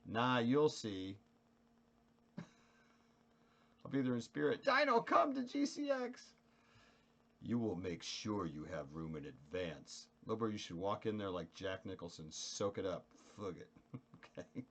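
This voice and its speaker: Lower-voiced man chatting on a live stream. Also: measured pace. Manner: animated, joking, self-mocking. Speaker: livestreamer chatting with viewers. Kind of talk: casual live-stream chat.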